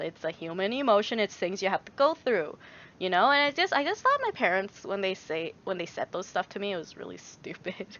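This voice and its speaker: Bright-voiced young woman chatting. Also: mid-range voice, sing-song, moderate pace, highs cut off. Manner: rambling, many fillers, reads viewer messages aloud. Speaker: YouTuber answering chat. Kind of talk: casual livestream chat.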